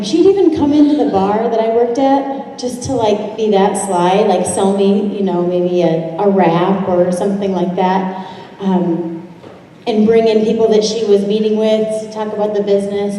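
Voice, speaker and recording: A woman's voice: mid-range voice, warm tone, slight background noise. A woman in her twenties giving a chatty testimony to a crowd, often acting out what others said. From Toledo, Ohio area. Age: 20s. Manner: chatty, quick asides, acts out quoted voices. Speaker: guest speaker telling her story. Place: large event room. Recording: echoey hall heard from far off.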